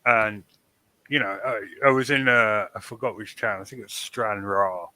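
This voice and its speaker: Bright-voiced blunt podcast host. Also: male voice, lowish voice, normal speed, dry recording, poor audio. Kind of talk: casual chat.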